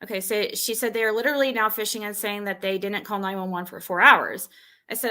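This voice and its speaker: A woman's voice: medium pitch, fairly even intonation, fairly quick, pushed and bright. A woman streamer venting, recounting an argument in an agitated rush with frequent restarts. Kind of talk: venting live stream monologue.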